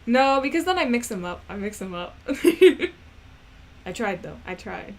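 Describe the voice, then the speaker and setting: A woman's voice: a little high, big pitch swings, measured pace, slight background noise. A woman chatting casually as she plans a character, rambling and laughing at herself. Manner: rambling, many fillers, self-mocking. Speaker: animation creator. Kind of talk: casual chat, thinking aloud.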